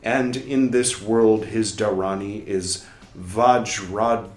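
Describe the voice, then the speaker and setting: A man reading a book aloud for a podcast, carefully and deliberately, now and then adding wry muttered asides. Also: fairly low pitch, fairly even intonation, darkish tone. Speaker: podcast reader. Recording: roomy echo.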